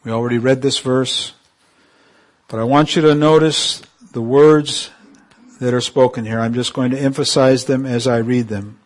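A man preaching a sermon, calling on the congregation for amens and swinging from emphatic peaks to soft, quiet asides. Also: mid-range voice, steady tone, normal speed. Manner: call-and-response, rising to emphatic peaks then dropping soft.

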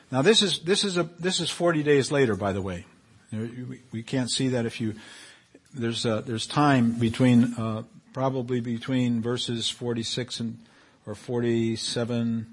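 A man's voice: mid-range voice, slightly rough. A male pastor preaching a sermon in a conversational way, reading scripture aloud and rising in intensity as he reads.

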